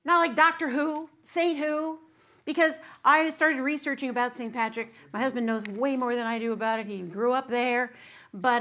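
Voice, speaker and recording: Middle-aged woman minister, high-pitched and bubbly, chatting and joking through a sermon. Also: fairly bright tone. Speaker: guest minister. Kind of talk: sermon with singing and audience banter. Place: church sanctuary.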